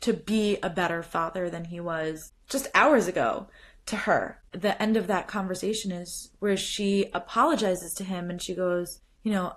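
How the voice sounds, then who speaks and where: A woman's voice: lowish voice, moderate pace. A woman hosting a podcast, talking casually and animatedly, retelling scenes with quoted lines and frequent "like" fillers. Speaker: podcast host. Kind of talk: casual solo commentary.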